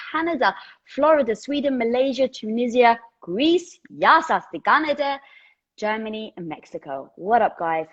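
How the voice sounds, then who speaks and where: Talking through a headset on a live stream, a chatty, casual woman gives a motivational talk, thinking out loud and swearing lightly. Her medium-pitched voice has a breathy edge, and the recording sounds muffled.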